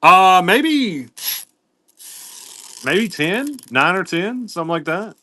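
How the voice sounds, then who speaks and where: A man's voice: sits high, sing-song, takes it slowly, pushed and bright, dry recording. A man hosting a live-stream pin sale in casual, rambling chat, greeting viewers by name as he goes.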